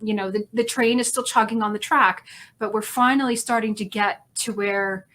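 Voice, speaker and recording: An emotional woman hosts a casual interview chat over a video call. Her talk is effusive and heartfelt, and she rambles through plenty of "like" and "you know" at a mid-range pitch. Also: fairly even intonation, moderate pace, fairly bright tone, a little hiss or hum. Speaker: host.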